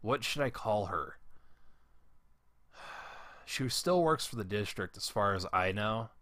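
A man's voice: on the low side, lively intonation, slow pace, pushed and bright, dry recording. A young man, a former school janitor, telling rambling, profane work stories in a casual, heated way. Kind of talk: casual storytelling monologue.

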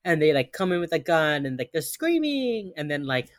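Dry-voiced woman, animated recap. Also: low-pitched, moderate pace, no echo. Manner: animated, acts out characters' lines while retelling. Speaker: podcast co-host recapping a TV episode. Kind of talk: casual chat.

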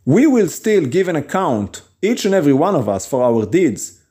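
Guy preaching hard, earnest, voice swoops up and down a lot, kinda mellow tone. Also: on the high side, sing-song. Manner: earnest, emphatic, with quick chuckles and acted quotes. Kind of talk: podcast sermon.

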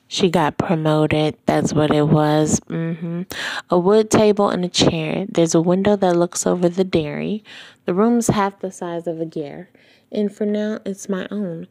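A woman's voice: lowish voice, steady tone, a little slow, darkish tone. A woman hosting a podcast who reads a novel aloud in a casual way. She often stops to fix her misreadings and chats between passages. Her mouth sounds wet and full of spit, and she records at home rather than in a studio. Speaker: podcast host reading a book aloud. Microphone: home recording, not studio-soundproofed.

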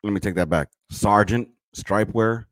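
Blunt, low-voiced man hosting a podcast. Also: measured pace, dry recording. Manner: blunt, profane, joking military slang. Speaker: podcast host; military veteran. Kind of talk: casual commentary on clips.

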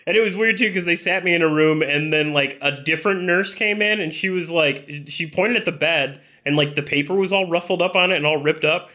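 Man, podcast co-host, bright tense voice, animated storytelling, swears, laughs a lot. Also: fairly quick, hardly any pauses. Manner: animated storyteller, acts out quotes with big pitch jumps; swears freely, laughs often. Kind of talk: casual chat, telling anecdotes.

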